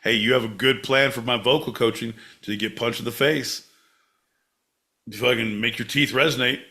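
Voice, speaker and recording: A man co-hosting a podcast, bantering sarcastically and crudely, with sudden loud outbursts. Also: mid-range voice, fairly even intonation, normal speed. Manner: sarcastic, profane, bursts into loud shouting. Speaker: podcast co-host.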